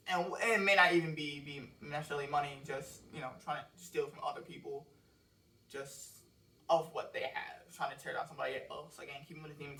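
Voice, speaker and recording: Talking through lyrics he wrote, this man wanders from point to point and curses without restraint. His fairly high voice sounds pushed and bright, captured at home on a cheap mic with a laptop and phone, placed at a distance in a roomy, echoing space.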